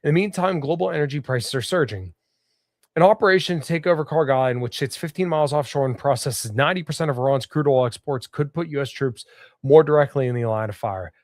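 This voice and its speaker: A man's voice: fairly high pitch, dry recording, studio quality. Stuffy-nosed man reading news aloud. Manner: casual, halting reading with restarts and fillers. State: stuffed up, sniffling. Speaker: podcast host.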